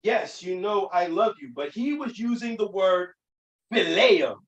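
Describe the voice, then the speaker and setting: High-voiced man teaching scripture, echoey. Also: animated, unhurried, distant mic, dull audio. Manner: emphatic, with many restarts and fillers. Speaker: Bible teacher. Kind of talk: teaching sermon.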